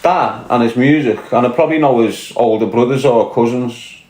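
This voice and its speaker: A man with a medium-pitched, darkish voice speaks at a moderate pace, and the sound is reverberant. He's a livestream host from Liverpool, England, with a Scouse accent, ranting bluntly and combatively, swearing while reading and replying to viewers' chat.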